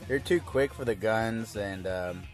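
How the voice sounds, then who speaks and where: A man's voice: lowish voice, a little slow, faint music behind. A young man casually recapping a cartoon episode, laid-back and crude with lots of fillers.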